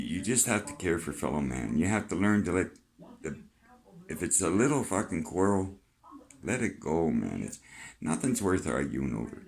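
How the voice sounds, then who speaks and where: A man's voice: low voice, darkish tone. An older man with a Canadian accent, talking freely in a rambling vlog monologue, chatty and plain-spoken, swearing now and then. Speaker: vlogger.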